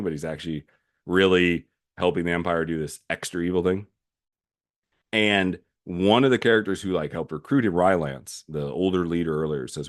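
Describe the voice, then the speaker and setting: Man, podcast host, deep low voice, solo commentary, animated recap, lots of fillers.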